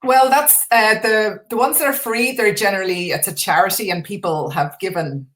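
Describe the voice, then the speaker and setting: A woman's voice: mid-range voice, moderate pace, a bit bright. An Irish woman chatting casually as a guest on a live stream, enthusiastic and full of restarts. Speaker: guest artist.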